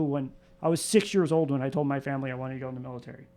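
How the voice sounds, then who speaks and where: A man's voice: mid-range voice, fairly even intonation, very fast, hardly any pauses, warm tone. A man on a recovery podcast telling his own story in a candid, confessional way, often repeating phrases.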